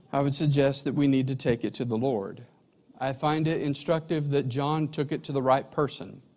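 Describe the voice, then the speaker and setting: Animated man preaching a sermon. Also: a little high. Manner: animated storyteller, acts out dialogue.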